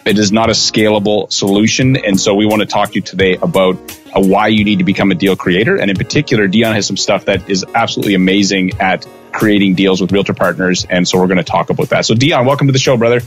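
A man hosting an interview podcast, talking in an energetic, casual way. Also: fairly low pitch, fast, soft background music. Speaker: podcast host.

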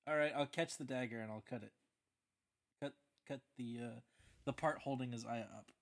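Quick, joking male player. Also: medium pitch, vocal fry. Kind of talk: casual tabletop play.

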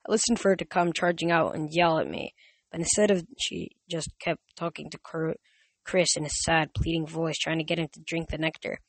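High-voiced man reading a novel aloud. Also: fairly quick, a bit bright, no room sound. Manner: frequent slips and self-corrections. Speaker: reader.

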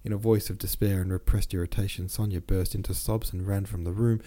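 A man narrating a classic novel as an audiobook, reading steadily and dropping low on dialogue tags. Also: steady tone, a little fast, warm tone.

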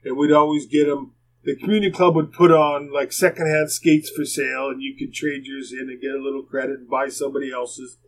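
A man's voice: medium pitch, level tone, a little fast, slight background noise, poor audio. An older man, a former hockey player rambling through plainspoken anecdotes as a podcast guest. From Canada. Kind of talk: casual storytelling.

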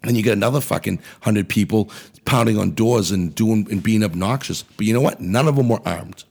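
A man's voice: on the low side, fairly quick, vocal fry, a little mellow, breathy edge. A man hosting a podcast, delivering an angry, profane political rant in a blunt way. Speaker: podcast host. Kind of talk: ranting political commentary.

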